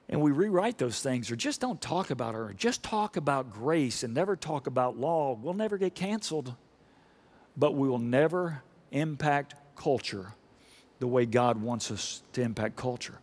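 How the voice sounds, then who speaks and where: Emphatic pastor, booming hall. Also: male voice. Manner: emphatic, rising to loud repeated emphasis, asks the congregation questions. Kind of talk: sermon. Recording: long reverb of a large hall.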